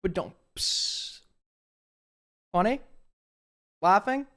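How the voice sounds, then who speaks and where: A man hosting a live stream, telling jokes to his chat with slow, deadpan buildups and asking whether they landed. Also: sits high. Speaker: streamer host. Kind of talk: casual stream joke-telling.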